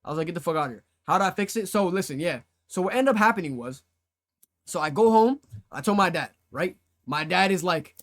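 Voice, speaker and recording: High-voiced young man telling a story. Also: fast. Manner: animated slangy storytelling, acts out his own past reactions. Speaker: streamer. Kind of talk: casual storytime to a live chat.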